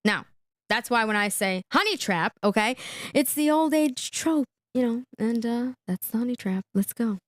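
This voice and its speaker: A woman hosting a live reaction stream, chatty and quick to laugh, who keeps checking in with "okay?" as she comments. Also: on the high side, animated, dry recording, studio quality.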